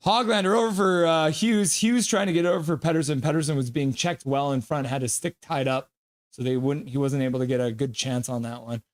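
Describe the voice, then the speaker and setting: A young man hosting a live hockey reaction stream, chatting casually, reading chat aloud and whooping with excitement. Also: on the high side, fairly quick.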